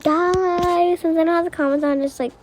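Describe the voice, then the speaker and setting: Excitable high-pitched gaming YouTuber woman. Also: normal speed, background noise. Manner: excitable, exclaiming often. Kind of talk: gameplay commentary.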